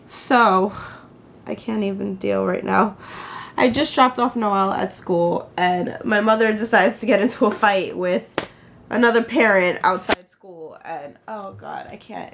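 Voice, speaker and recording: A woman's voice: mid-range voice, a little hiss or hum. A young adult woman vlogging casually into her phone. She tells an exasperating story with laughter and quoted back-and-forth. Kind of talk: casual chat. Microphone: handheld phone camera.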